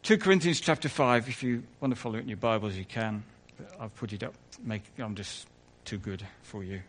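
A man's voice: lowish voice, brisk. A man preaching a conversational sermon in church, full of asides and self-corrections.

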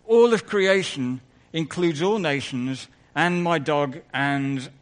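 A man's voice: a little high, slow. A man preaching a conversational sermon in church, full of asides and self-corrections.

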